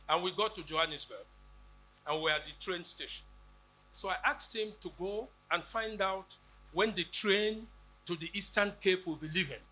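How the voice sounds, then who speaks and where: Rousing man giving a lecture, bright voice. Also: high-pitched, a little hiss or hum. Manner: rousing, rhetorical, with acted quotes. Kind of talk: public lecture.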